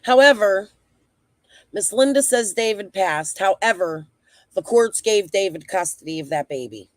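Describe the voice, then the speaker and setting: A true-crime host speaks slowly and bluntly, laying out the background before turning to scold people outright. The voice sits mid-range and the recording is dry and close. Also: medium pitch, lively intonation, no room sound. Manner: blunt, scolding, explains then cuts in. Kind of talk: commentary.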